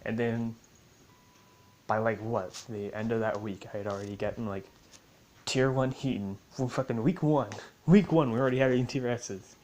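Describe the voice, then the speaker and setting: Brief: man, mid-pitched, casual and profane storyteller, faint background hiss. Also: moderate pace, darkish tone, poor audio. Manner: profane, jokey, acts out other players' lines. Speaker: vlogger recapping a game server's story. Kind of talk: casual rambling recap with acted-out quotes.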